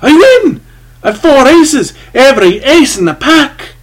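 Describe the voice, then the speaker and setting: A big, guilt-haunted adventurer rages and trembles in an audiobook, played by a man reading the story. His voice comes out gravelly and husky, pushed high and loud. The delivery lurches between bravado and dread. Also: expressive, takes it slowly, exaggerated voice. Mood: triumphant. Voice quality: loud, strained and raised in pitch. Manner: blustering outbursts. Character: big haunted male adventurer, defiant yet terrified.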